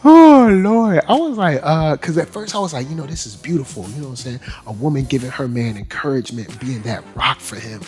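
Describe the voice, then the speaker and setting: Animated man hosting an anime review show. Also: medium pitch, a little fast, few pauses, soft background music. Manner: animated, slangy, laughing often. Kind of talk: casual commentary.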